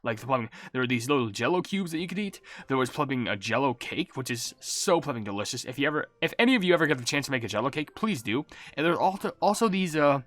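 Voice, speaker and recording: A man casually reading out viewer comments as a gaming YouTuber, rambling and self-mocking, relaxed as if he just woke up. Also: medium pitch, quick pace, few pauses, no echo. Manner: rambling, self-mocking, swaps swear words for silly substitutes; relaxed and laid-back.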